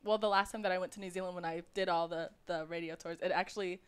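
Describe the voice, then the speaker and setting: A woman's voice: lowish voice, steady tone, quick pace, clean tone. A woman singer-songwriter from New Orleans, chatting in a rambling, easygoing way as a guest on a radio show. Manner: chatty, rambling storyteller, laughs easily. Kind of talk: casual chat on radio. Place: radio studio.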